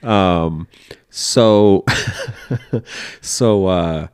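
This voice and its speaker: A man's voice: low voice, very slow, a little mellow, slight background noise. A man co-hosting a podcast in casual chat, swearing freely and rambling with many fillers. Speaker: podcast co-host.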